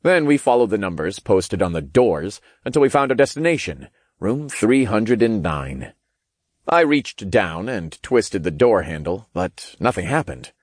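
A man narrating an audiobook in the first person, with lively, expressive storytelling. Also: fairly low pitch, a little slow, dry recording, studio quality.

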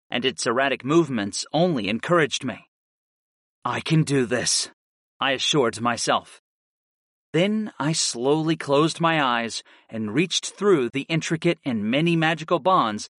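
A man narrating a first-person fantasy audiobook in a steady, earnest way. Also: fairly high pitch, no room sound, clean studio sound.

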